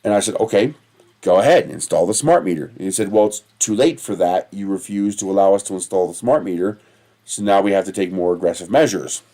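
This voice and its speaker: A man with a deep, dark-toned voice and a fairly quick pace hosts a casual livestream. He tells rambling stories that wander off track, swears a lot, and laughs at himself.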